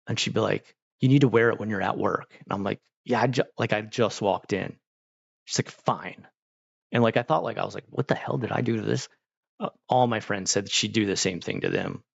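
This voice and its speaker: A man's voice: on the low side, gravelly, dry recording, dull audio. A man telling rambling stories with many fillers as he chats casually with viewers. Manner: rambling, storytelling with lots of fillers. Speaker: streamer.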